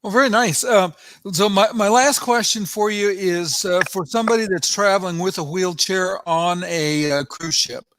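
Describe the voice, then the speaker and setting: High-voiced male interview host. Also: a bit bright, a little hiss or hum. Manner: halting, fills questions with ums and uhs. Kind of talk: interview questions.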